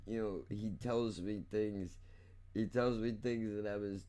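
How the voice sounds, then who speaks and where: Rambling, profane young man, smooth low voice. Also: steady tone, a little slow, warm tone. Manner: rambling, profane, self-mocking, says "dude" often. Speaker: podcast host. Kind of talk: casual solo podcast rant.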